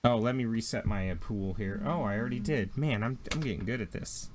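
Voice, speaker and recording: A man narrating a tabletop game as game master, telling the scene in an animated way with quick asides. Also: fairly low pitch, a crowd in the background.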